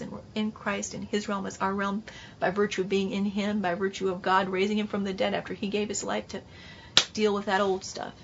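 A woman's voice: mid-range voice, vocal fry, slight background noise. A woman Bible teacher giving an emphatic, repetitive sermon-style class. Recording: dull lo-fi recording.

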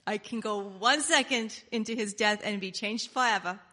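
Animated woman preaching a sermon. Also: mid-range voice, moderate pace, in a large hall. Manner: animated, emphatic, with frequent laughs and repetition.

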